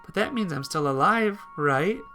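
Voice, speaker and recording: A dizzy young woman, as a man reads her out, in a game story, pitched higher than his own voice. She speaks softly and falteringly, slurring and apologetic, with a bright, lively tone. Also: normal speed, faint music behind. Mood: weak, pleading.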